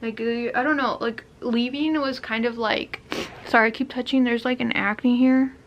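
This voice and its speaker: Woman, young adult, higher voice, casual vlog chat, rambling, lots of restarts. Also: fairly even intonation, moderate pace, lo-fi sound, a little hiss or hum. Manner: rambling, heavy use of "like", frequent restarts. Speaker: vlogger.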